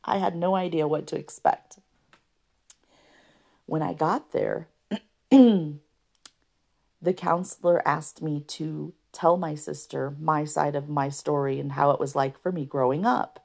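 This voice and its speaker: A woman hosting a podcast, telling her own story unscripted and earnestly, with a rough voice from allergies and frequent throat clearing. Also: low voice, unhurried, long pauses, a little mellow. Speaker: podcast host. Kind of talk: personal testimony podcast.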